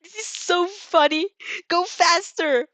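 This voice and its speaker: Woman voicing a shy shadow girl, high and small. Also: sing-song, normal speed, a bit bright, dry recording. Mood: excited. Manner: small, insecure, then giddy. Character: shy, timid young girl shadow, easily excited.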